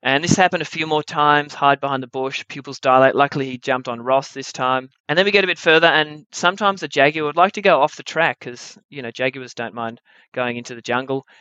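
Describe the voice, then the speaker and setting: A man's voice: mid-range voice, a little fast, no echo, dull audio. Wry young man telling a story. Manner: wry, animated storytelling with comic timing. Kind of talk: live story-slam storytelling.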